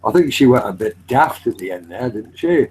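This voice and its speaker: A man with a husky, breathy voice chatting over voice chat. He sounds relaxed and curious, asking easygoing questions. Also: mid-range voice, normal speed, low-quality recording. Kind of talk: casual voice chat.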